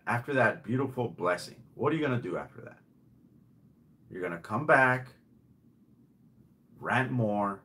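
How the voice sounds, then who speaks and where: A man's voice: medium pitch, fairly bright tone. A middle-aged man delivering an angry, mocking rant to the camera, swearing and repeating himself. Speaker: channel host.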